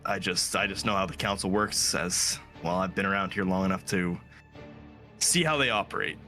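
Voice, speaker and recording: A man in a tabletop game lends his own voice to a young goblin raised outside his tribe, modest and blunt, who likes to get right to the point. The voice sits fairly low but has a sharp, bright edge. Faint music plays behind him. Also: normal speed. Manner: blunt, gets straight to the point. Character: young male goblin, plain-spoken and modest.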